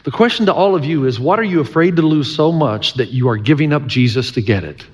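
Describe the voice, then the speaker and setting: A man's voice: a little high, lively intonation, a little fast, a little mellow, slight background noise. Emphatic preaching man in a reverberant hall. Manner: earnest, emphatic preaching with folksy humor and repetition. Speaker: pastor. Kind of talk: sermon. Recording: long church-hall reverb.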